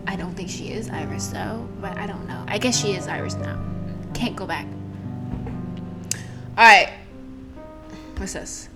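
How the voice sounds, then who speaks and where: A woman's voice: mid-range voice, a little slow, pauses often. Woman gamer reading game text aloud. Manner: narrates, reads descriptions aloud, thinks out loud. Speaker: let's play gamer. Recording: game music behind. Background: game music.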